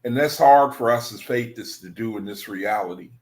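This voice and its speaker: A man with a mid-range, somewhat dark voice speaks at a moderate pace while hosting an online study group. He talks to his livestream viewers in a casual, rambling way, repeating himself and addressing them as brethren.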